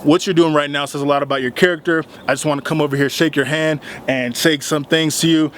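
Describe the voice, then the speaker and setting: Young male vlogger, slightly high voice, animated and heated storyteller, faint background hiss. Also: quick pace. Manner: animated, retells arguments with rising heat. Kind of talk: casual storytelling vlog.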